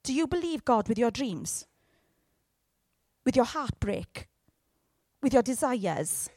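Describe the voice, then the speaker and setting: A high-voiced woman delivers a sermon in a lively, conversational way. She mixes joking asides with sudden loud bursts. The sound is close and dry, with no room echo. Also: takes it slowly. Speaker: preacher.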